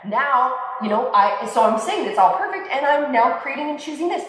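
A mother talking in a relaxed podcast chat, lively and expressive, often acting out the voices of people she quotes. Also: sits high, normal speed. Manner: animated, acts out quoted voices. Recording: echoey room with long reverb.

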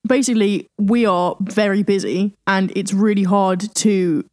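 A woman co-hosting a podcast, relaxed and blunt, with sweary reactions. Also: medium pitch, a little slow, no echo, studio quality. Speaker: podcast co-host. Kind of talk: casual chat.

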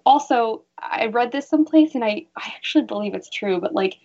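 This bra fitter, a guest expert on a radio show, has a slightly high, darkish voice with vocal fry, lively intonation, and a brisk pace. She talks earnestly in the casual interview, imitating those she quotes, over muffled lo-fi sound.

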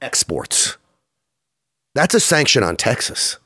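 A man's voice: mid-range voice, huge pitch swings, slow pace, pushed and bright, slightly rough, no room sound, clean studio sound. A man hosting a political talk show from Texas, speaking in a heated, emphatic way. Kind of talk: political commentary. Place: studio in Texas.

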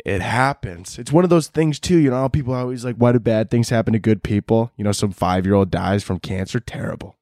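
A man's voice: lowish voice, fast talker, few pauses, darkish tone, dry recording, clean studio sound. A young man hosting a podcast, ranting in a crude, rambling comedic monologue and laughing often. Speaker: podcast host.

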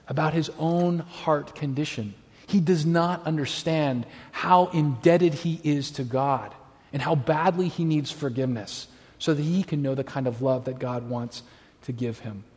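A man's voice: a little high, expressive, a little slow. A man preaching a sermon, telling stories animatedly and acting out the voices of people he quotes. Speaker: pastor. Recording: long hall reverb.

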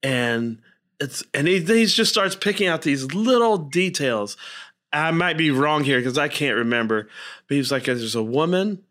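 A man with a somewhat high voice tells a story in a casual chat. He acts out each quote, his voice jumping up and down as he plays the people in it. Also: moderate pace. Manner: animated storyteller, acts out quotes with big pitch jumps. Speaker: co-host telling a story.

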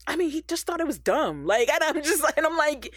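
A woman hosting a casual podcast chat, talking in an animated, slangy way and laughing often. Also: sits high, quick pace, no room sound, clean studio sound. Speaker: podcast host.

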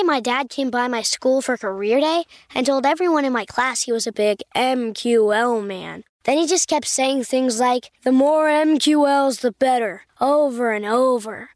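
A woman's voice: high voice, dry recording. A woman voicing an embarrassed girl who complains dramatically about her dad's job in a scripted ad. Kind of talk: scripted radio ad. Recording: dry studio sound.

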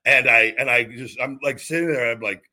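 Hosting his podcast, a former wrestler in his forties tells a long, rambling story casually, with many repeats, restarts and some swearing. His voice is medium-pitched, fairly quick, pushed and bright.

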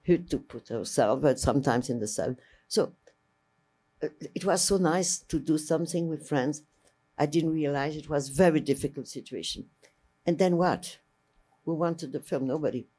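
At a moderate pace, a warm, deep voice with a breathy quality tells reminiscent stories. The speaker is an older woman, a French-native filmmaker giving an interview, who rambles vividly, restarts phrases and acts out others' words.

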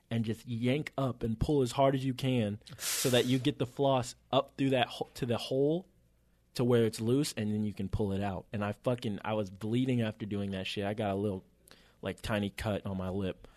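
A man's voice: medium pitch, steady tone, normal speed, darkish tone, no room sound. A man co-hosting a podcast, telling a story in casual chat with plenty of slang and swearing. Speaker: podcast co-host.

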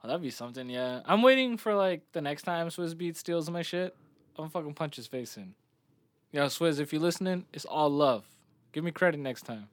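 A man's voice: on the high side, animated, a little fast, dry recording. A man co-hosting a podcast in casual chat, joking loosely with plenty of fillers and swearing, a little out of breath. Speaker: podcast co-host.

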